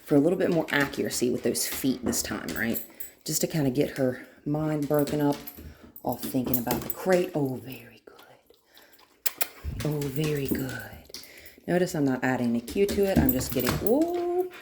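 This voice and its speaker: A woman dog trainer explaining her steps to viewers while working a dog indoors, breaking into high praise. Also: big pitch swings, a little fast, background noise. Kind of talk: instructional dog training demo.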